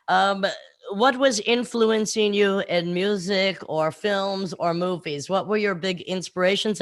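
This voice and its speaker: A woman's voice: lowish voice, dry recording, studio quality. A woman hosting a podcast, asking teasing, playful questions in a casual interview. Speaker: podcast host.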